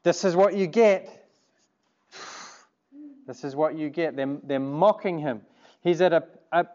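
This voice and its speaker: A man's voice: a little high, darkish tone, muffled recording. A man preaching a sermon, earnest and conversational, turning to the congregation with asides. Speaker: pastor.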